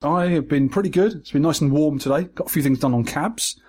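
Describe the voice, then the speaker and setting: A man's voice: a little high, darkish tone, a little hiss or hum. A man hosting a podcast, chatting casually and easily with his co-host. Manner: chummy, easygoing, quick reactions. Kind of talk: casual chat.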